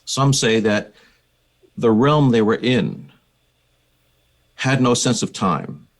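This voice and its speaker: An older American psychiatrist and researcher, a guest being interviewed on a podcast, tells his story in a measured, reflective manner. His voice is medium in pitch.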